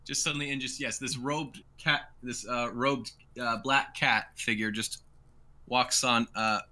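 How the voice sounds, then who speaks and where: A man's voice: medium pitch, steady tone, measured pace, pushed and bright. A man narrating a tabletop game as game master, rambling with many fillers.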